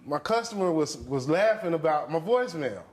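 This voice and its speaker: Defensive man with a higher voice. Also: big pitch swings, normal speed. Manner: defensive, explains with a chuckle. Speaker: husband in a court case. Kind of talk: courtroom testimony.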